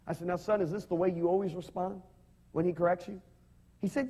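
A man's voice: sits high, fairly even intonation, fairly quick, warm tone, slightly rough. A man preaching a sermon, telling stories animatedly and having the congregation repeat his words. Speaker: pastor.

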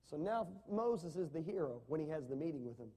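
A man's voice: on the high side, lively intonation, brisk, mellow, husky. A man preaching a sermon, asking the congregation rhetorical questions and reading scripture with rising emphasis. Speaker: pastor.

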